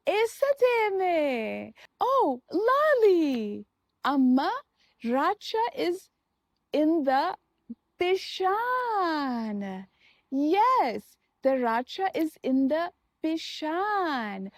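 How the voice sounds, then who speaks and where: A woman with a high, bright voice that swoops up and down as she teaches young children. She speaks very slowly and coaxingly, repeating each word and prompting the child to answer. The recording is close and dry. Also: very animated, dry recording. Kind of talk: slow sing-song teaching for kids.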